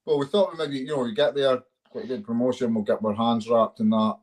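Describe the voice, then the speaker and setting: A man's voice: medium pitch, fairly even intonation, fairly quick, darkish tone. A man with a Scottish accent, an MMA fighter telling stories in a casual interview, swearing freely and chuckling as he goes. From Scotland. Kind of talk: casual storytelling chat.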